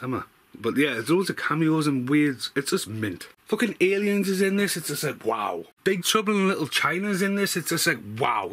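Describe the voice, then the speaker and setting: A man giving an excitable, sweary movie review at home in a room full of film collectibles, saying wow again and again. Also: mid-range voice. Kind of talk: casual excited vlog review.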